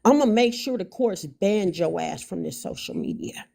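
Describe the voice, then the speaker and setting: Black woman, angry and blunt on a live, raspy low-grit voice. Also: animated, moderate pace, warm tone. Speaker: guest mother on a livestream. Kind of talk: heated livestream talk.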